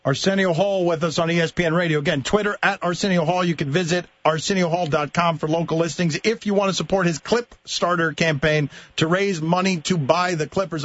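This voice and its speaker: Radio host guy, pretty high voice, dry slightly dull studio sound, laughs easy. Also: fairly bright tone, dry recording. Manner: plugs the guest, asks quick questions, laughs easily. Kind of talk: radio interview.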